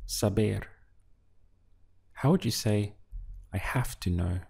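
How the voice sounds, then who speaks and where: Man, language teacher, slow deliberate delivery, gravelly, lowish voice. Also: darkish tone. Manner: patient prompts, then clear model answers.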